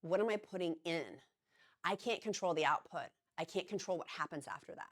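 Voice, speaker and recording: Low-voiced woman giving chatty encouragement. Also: brisk. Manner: chatty, earnest, rambling with restarts. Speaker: vlogger. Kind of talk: casual encouraging talk to camera.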